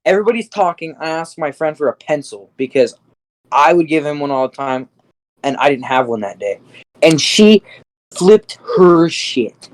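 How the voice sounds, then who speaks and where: A man's voice: on the high side, animated, normal speed, rough recording. Rambling profane teen guy. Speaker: podcast co-host. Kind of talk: casual storytelling chat.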